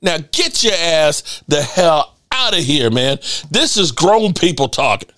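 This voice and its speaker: A fired-up man hosting his own sports channel, ranting hard with cursing and repeated jabs. His voice sits high for a man and leaps all over the place as he hammers each point. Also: expressive, a little slow, sharp tone. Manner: heated, profane, repetitive. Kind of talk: ranting commentary.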